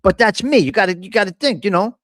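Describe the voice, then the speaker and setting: A man's voice: sits high, quick pace, a bit bright, no echo, clean studio sound. A man hosting a casual live stream, talking bluntly with a lot of profane trash talk. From Italian American. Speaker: host.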